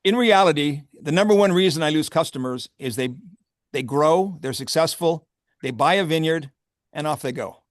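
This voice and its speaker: A man's voice: fairly high pitch, moderate pace, dry recording, clean studio sound. A man who owns a vineyard, talking candidly and with wry humor in a casual interview, often laughing. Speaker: vineyard owner and grape grower.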